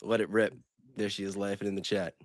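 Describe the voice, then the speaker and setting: A man co-hosting a casual livestream, talking excitedly and laughing easily. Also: lowish voice, fairly quick, dry recording, clean studio sound. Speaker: livestream co-host.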